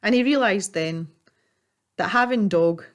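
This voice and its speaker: A woman calmly narrating a story while she paints. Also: mid-range voice. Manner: calm, measured storytelling. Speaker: artist and storyteller.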